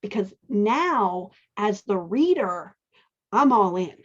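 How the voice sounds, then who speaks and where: Slow and animated, a woman with a mid-range voice hosts a show where she edits a manuscript and casually teaches dialogue. As a dialogue editor thinking aloud, she frequently asks "right?", and the highs in the audio are cut off.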